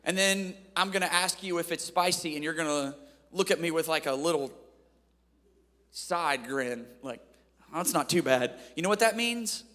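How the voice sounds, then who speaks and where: Playful preacher in an echoey hall. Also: male voice, fairly high pitch, normal speed. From Ohio, USA. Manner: playful and animated, folksy asides to the crowd. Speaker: preacher at a youth camp. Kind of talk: humorous sermon storytelling.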